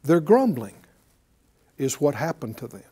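A man's voice: a little high, big pitch swings, unhurried, mellow, slightly rough. A man teaching a sermon in a conversational way, asking his listeners questions and chuckling often. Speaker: preacher.

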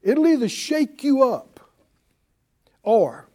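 Guy preaching to a bible class, high voice that jumps all over, mellow tone. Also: slow pace. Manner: animated, addresses the class, acts out panicked voices. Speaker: Bible teacher. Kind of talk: sermon.

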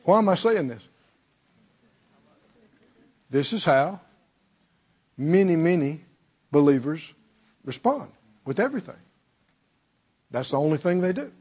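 A man's voice: a little high, big pitch swings, measured pace, pauses often, darkish tone, husky, highs cut off. A male preacher delivering a dramatic sermon, acting out pleading prayers and firing off rhetorical questions in folksy phrasing.

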